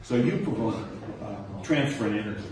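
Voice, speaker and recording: A man's voice: lowish voice, lively intonation, normal speed, recorded from a distance, noisy background. Chatty man teaching from across an echoey room. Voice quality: chatty, acts out kids' answers with rising tones. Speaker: nature center docent training teachers. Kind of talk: informal talk to a small group. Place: indoor room with a nature diorama.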